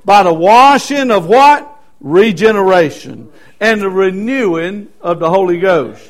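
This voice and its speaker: High-voiced preacher. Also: male voice, animated, unhurried. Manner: emphatic preaching with repetition and fillers. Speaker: Baptist pastor. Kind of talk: sermon.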